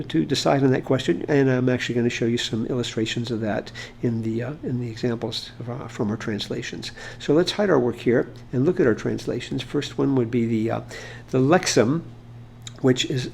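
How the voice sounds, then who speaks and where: A man's voice: mid-range voice, moderate pace, vocal fry, a little mellow, a little hiss or hum. A man explaining Hebrew grammar in an informal lesson, talking it through with fillers and restarts. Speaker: Hebrew teacher.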